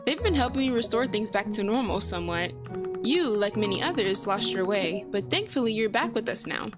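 A woman's voice: mid-range voice, expressive, a little fast, music in the background, close to an everyday voice. A woman reading the lines of a snarky floating cat spirit in a sarcastic, trash-talking tone. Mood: wry.

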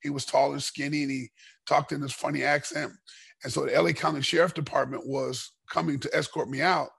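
A middle-aged man with a very raspy, gravelly voice tells his stories with animated energy, slipping into the voices of the people in them. The sound is dry and close, with no room around it. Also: a little high, fairly quick, dry recording. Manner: animated storyteller, acts out dialogue. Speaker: podcast guest, former fighter. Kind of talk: casual storytelling interview.

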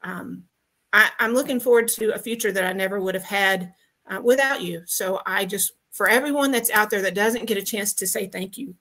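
A woman's voice: mid-range voice, brisk, pushed and bright. A woman from Texas calling in to a podcast over video, giving a heartfelt, grateful testimonial with many ums and restarts. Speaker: guest caller.

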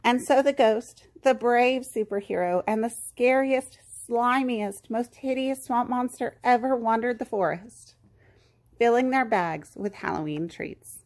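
Woman reading to kids, gentle, expressive, slow, high voice. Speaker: children's story reader. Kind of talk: reading a picture book aloud.

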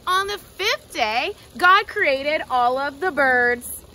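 A woman leading a children's Bible lesson, talking to the kids and a puppet dog in an animated way. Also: high-pitched, slow pace, a little hiss or hum. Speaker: preschool Bible teacher.

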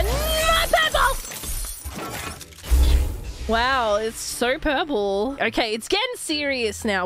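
A young woman streamer giving excitable gaming commentary, shrieking and swearing as loot comes up. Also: high voice. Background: background music.

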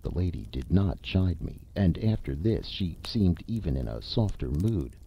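A man narrating a classic short story as an audiobook reader, with an expressive, measured delivery. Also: low-pitched, creaky, husky, rough recording.

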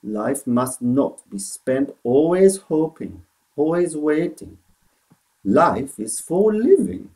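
Man doing an old Japanese man, slow, halting. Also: fairly high pitch, very animated, dark tone, voice pushed up, heavily acted. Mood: calm. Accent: put-on Japanese. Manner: halting broken English, slow and deliberate. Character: old Japanese man, patient, calm, stranded islander. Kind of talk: storybook reading.

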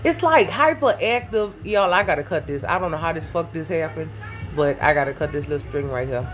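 Animated and a little fast, a low-voiced woman vlogs into a close-held phone in her home garage, with soft music playing behind her. She rambles and swears, loses her thread easily and keeps calling viewers "baby" and "y'all."

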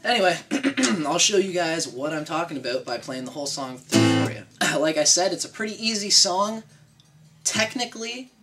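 A man's voice: on the high side, sing-song, moderate pace. Chatty man teaching guitar. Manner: chatty and loose, tags explanations with "right?"; counts beats aloud while strumming. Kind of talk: casual guitar tutorial. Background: his own acoustic guitar playing.

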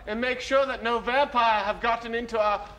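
An actor playing a hammy stage actor as Hamlet, declaiming with grand theatrical flourish. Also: male voice, very high voice, fairly even intonation, normal speed, sharp tone. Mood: heroic. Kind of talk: sketch comedy acting.

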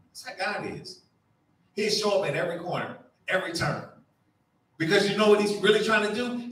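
A man preaching a sermon, animated and conversational, acting out voices and dropping to a hush. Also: high-pitched. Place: church sanctuary. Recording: echoey church from far off.

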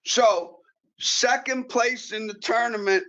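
A high-pitched man spins an animated, profane story in a casual chat. He restarts and repeats his words as he goes. The recording sounds somewhat dull and lo-fi. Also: slow pace. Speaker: guest pool player.

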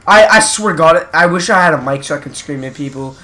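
Gaming host, male, bright and a bit high, rambly and quick to rage at the game. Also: expressive, a little hiss or hum. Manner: rambling, easily frustrated, swearing at the game. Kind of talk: casual gameplay commentary.

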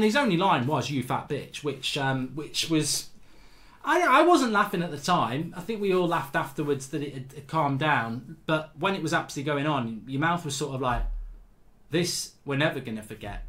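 A man hosting his show, casually telling a school story to viewers and acting out loud quotes, then saying he feels fatigued. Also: fairly high pitch. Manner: animated anecdotes with loud acted-out quotes. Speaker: host.

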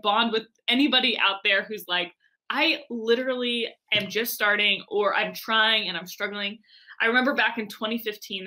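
A woman's voice: fairly high pitch, pushed and bright. A young adult woman, a guest on an interview show, telling a story animatedly with many fillers and acted-out voices.

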